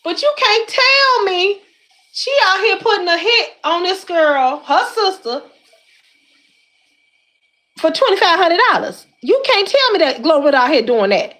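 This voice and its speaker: A woman hosts her own commentary, talking in a high voice full of slang. She is animated and exclamatory, circling back on the same words again and again as she talks straight to her viewers. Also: a little slow. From Detroit. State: slightly winded while lifting weights. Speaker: YouTube commentary host. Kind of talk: casual commentary chat.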